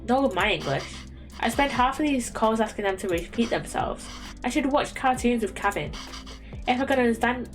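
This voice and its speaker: A woman voicing a weary, self-doubting immigrant father in a video game, in a subdued tone. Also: on the high side.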